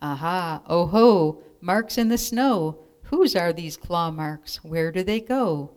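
A woman's voice: fairly low pitch, animated, slow pace, a little mellow. A woman reading aloud and voicing a bold young female monster child in a storybook, eager and wondering. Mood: curious.

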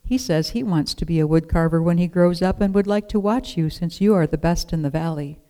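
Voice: mid-range voice, fairly quick, warm tone, clean tone, natural voice. A reader voicing a polite, earnest widow and mother in a storybook reading.

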